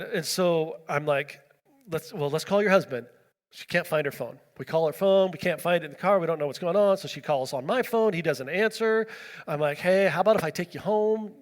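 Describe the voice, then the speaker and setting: A man preaching a sermon, telling a personal story in a chatty, animated way, full of fillers and acted-out quotes. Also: a little high, in a large hall. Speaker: pastor.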